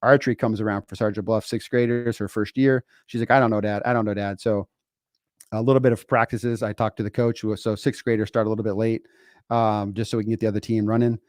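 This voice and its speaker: A man in his forties with a lowish voice co-hosts a motivational podcast, talking in a casual, emphatic way and often repeating words as he goes. The sound is dry and close, with no room around it. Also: little pitch movement, quick pace, darkish tone, dry recording. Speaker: podcast co-host. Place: home studio. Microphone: remote streaming setup.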